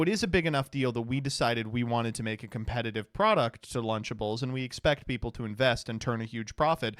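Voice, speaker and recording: A man's voice: medium pitch, a bit bright, dry recording, clean studio sound. A man streaming casual reaction commentary, sarcastic and laughing often, with plenty of swearing. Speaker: streamer reacting to clips and tweets.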